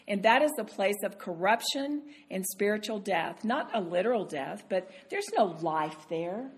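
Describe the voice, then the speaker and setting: Earnest woman teaching a sermon. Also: mid-range voice. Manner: earnest, acts out her own inner voice. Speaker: Bible teacher. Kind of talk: conversational sermon.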